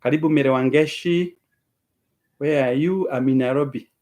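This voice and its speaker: Speaking at medium pitch and a moderate pace with a darkish tone, this Kenyan-accented livestream host goes through viewer comments by name. He thanks everyone individually, mixing English with Swahili.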